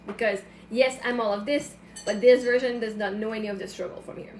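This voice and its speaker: A woman's voice: a little high, steady tone, a little fast, hardly any pauses, echoey room, a little hiss or hum. A woman chatting casually on a late-night livestream. She talks in an emotional, rambling way, full of fillers and restarts, and at times sounds close to tears. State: tearful at times. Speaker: livestream host. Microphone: phone.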